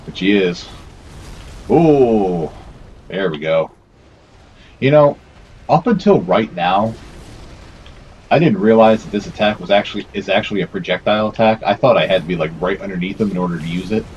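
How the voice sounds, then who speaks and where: Deep-voiced man swearing through gameplay. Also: normal speed, long pauses, darkish tone, lo-fi sound, a little hiss or hum. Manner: swearing, self-scolding and talking to the game's characters. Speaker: gameplay commentator. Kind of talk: let's play commentary.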